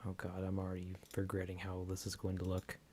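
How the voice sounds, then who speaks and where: A man's voice: low-pitched, monotone, quick pace, a little mellow, slight background noise. A man streaming live, thinking aloud as he edits a video, mumbling to himself with whispered asides and unfinished sentences.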